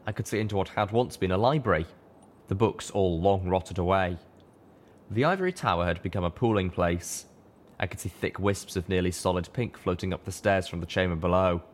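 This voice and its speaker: A man reading a fan-fiction audiobook aloud, narrating steadily in the first person. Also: low voice.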